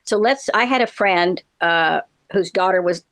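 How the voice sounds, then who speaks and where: A woman's voice: lowish voice, measured pace, fairly bright tone. A middle-aged woman, a therapist co-hosting a podcast, chatting playfully and explaining things at length. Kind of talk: casual chat.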